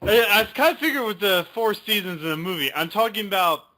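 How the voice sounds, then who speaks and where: A man in a casual chat, hesitant and excitable, swearing now and then. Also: high voice, a little fast.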